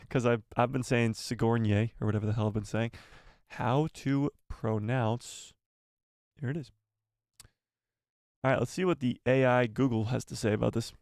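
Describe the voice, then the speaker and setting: A man's voice: medium pitch, steady tone, normal speed, long pauses, darkish tone, no room sound, clean studio sound. Playful man hosting a live stream. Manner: playful, self-mocking, joking with chat. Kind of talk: casual live-stream chat.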